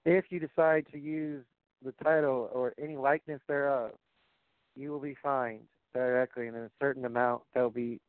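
A man's voice: medium pitch, level tone, normal speed, clear, resonant tone, no echo. Man, podcast host, rambling casual chat, filler-heavy, jokey, thin phone-like sound, dry.

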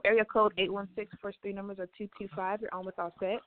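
A woman co-hosting a call-in radio show, briskly announcing each caller. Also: mid-range voice, flat delivery. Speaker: radio co-host screening calls. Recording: tinny phone-like sound, dry.

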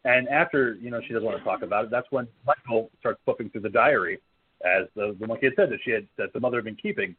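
A man co-hosting a casual horror film podcast, retelling scenes in an animated, blunt, profane way. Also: lowish voice, fast talker, husky, no echo. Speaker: podcast co-host. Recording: phone-like narrow band.

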